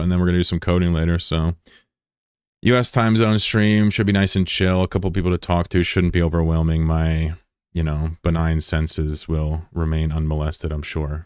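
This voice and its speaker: A man's voice: low voice, smooth, dry recording, studio quality. A man streaming live, chatting casually with viewers in a rambling, self-deprecating way. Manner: rambling and self-deprecating, reads chat aloud. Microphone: broadcast mic with voice filter.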